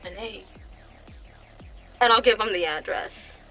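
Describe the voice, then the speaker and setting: A woman's voice: medium pitch, unhurried, sharp tone, soft background music. A woman player voicing her character in a tabletop game with brash, swaggering, profane banter. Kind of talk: in-character tabletop role-play.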